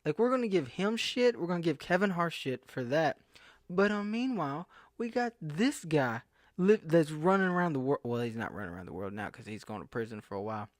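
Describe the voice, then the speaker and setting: Talking a little fast in an expressive, slightly high voice, a young Southerner from the US vlogs casually, drifting from point to point, interrupting himself, and getting incredulous. This screen recording sounds clean and studio-like, without echo.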